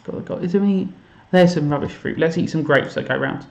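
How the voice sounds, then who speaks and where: A man's voice: a little high, fairly quick, gravelly, a little mellow, lo-fi sound. Chatty man in an echoey room. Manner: chatty, self-mocking, thinks aloud and hums little made-up songs. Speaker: teacher streaming to students. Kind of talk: casual live-stream chat while gaming. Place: home room.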